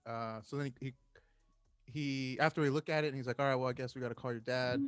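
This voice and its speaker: A man's voice: mid-range voice, fast talker, no echo. Man telling a story in a dry room. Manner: animated storyteller acting out quoted voices. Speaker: guest, firefighter. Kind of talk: casual storytelling chat.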